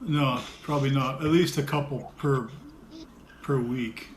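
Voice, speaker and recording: A man chatting casually with friends, an animated storyteller who laughs often. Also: mid-range voice, unhurried. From America. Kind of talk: casual chat. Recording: echoey room with faint noise.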